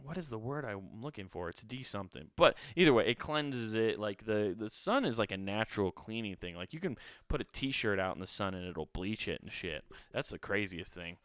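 A man talks through his podcast in a loose, rambling way, full of swearing and "uh"s. His voice is low and smooth. The sound is dry and close, with no room echo. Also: expressive, normal speed, hardly any pauses, fairly bright tone. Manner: rambling, profane, lots of fillers. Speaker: podcast host. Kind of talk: casual solo podcast chat.

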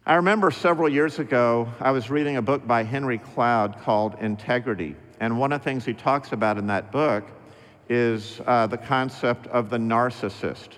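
A middle-aged male pastor delivering a sermon with emphatic, slow, repeated refrains. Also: mid-range voice, fairly bright tone. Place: church sanctuary. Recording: long reverb of a church hall.

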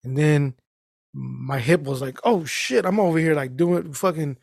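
A man telling a story in casual podcast chat, animated and profane, acting out the people in it. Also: fairly high pitch, unhurried, creaky, no echo, clean studio sound. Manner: animated, profane, acts out the people in his stories.

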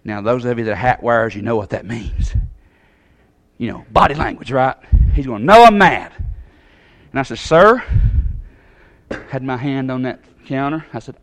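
A man from Tennessee, telling a personal story in a sermon, acting out the voices and swinging from loud to soft. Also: mid-range voice, lively intonation, moderate pace.

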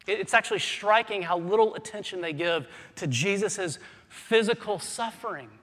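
A man with a high-pitched voice delivers a sermon in a church sanctuary. He drops to a hush and then builds to loud, urgent emphasis, and a long hall reverb trails every phrase. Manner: dynamic preacher, swings from hushed to loud. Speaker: pastor.

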